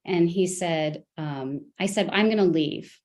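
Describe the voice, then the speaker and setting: A woman testifying in a custody case, telling events in a halting way with many restarts and fillers. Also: lowish voice, darkish tone. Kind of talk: court testimony.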